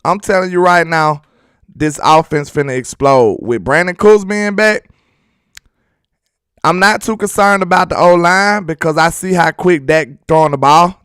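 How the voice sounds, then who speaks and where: A man's voice: fairly high pitch, a bit bright, smooth, no echo, clean studio sound. A young man hosting a casual football livestream, talking loosely to his chat and laughing often. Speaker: sports channel host.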